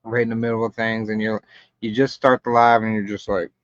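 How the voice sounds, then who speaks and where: A man's voice: on the low side, little pitch movement, fairly quick, dry recording. A man hosting a casual live chat, talking in a laid-back, rambling way over a stream. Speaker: livestream host. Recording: muffled lo-fi stream audio.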